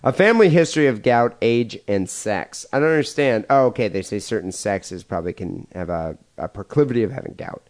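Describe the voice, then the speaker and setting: A man's voice: on the low side, brisk, few pauses. A man co-hosting a podcast, reading listener emails aloud in a loose, joking way after a few beers. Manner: animated, laughing, drinking beer.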